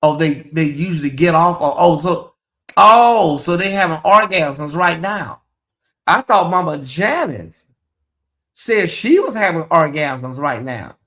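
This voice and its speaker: Animated man hosting a livestream. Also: fairly high pitch, unhurried. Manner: animated, exclaiming, chatty asides to viewers. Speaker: livestream show host. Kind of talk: casual livestream chat, reading viewer comments.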